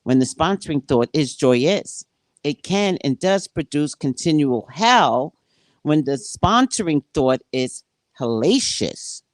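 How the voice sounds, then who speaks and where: A woman who works as a psychic, reading from a spiritual book and commenting on it, acting out dialogue like an animated storyteller. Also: deep voice, slow pace, no echo.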